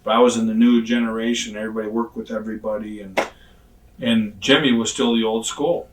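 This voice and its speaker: A man's voice: fairly low pitch, steady tone, a little fast, slight background noise. A man in his sixties telling blunt, profane stories in a casual interview and acting out what other people said. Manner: blunt, profane, acts out quoted dialogue. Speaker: retired pro wrestler telling stories. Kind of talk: casual shoot interview storytelling. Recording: roomy sound from a distant mic.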